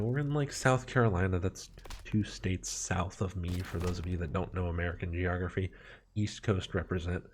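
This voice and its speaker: A man telling a comedic personal story, animated and self-mocking, with dramatic asides. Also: on the low side, a little hiss or hum.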